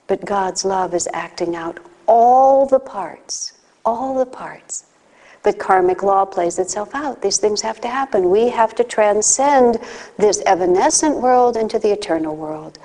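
Woman, spiritual talk, conversational, fairly high voice, long hall reverb. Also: dark tone. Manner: conversational, with acted asides and anecdotes. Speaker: spiritual teacher.

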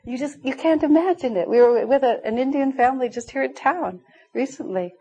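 Poor audio captures a brisk, high-sitting female voice with a breathy edge. She is a middle-aged teacher of a spiritual class who laughs a lot while warmly relating anecdotes.

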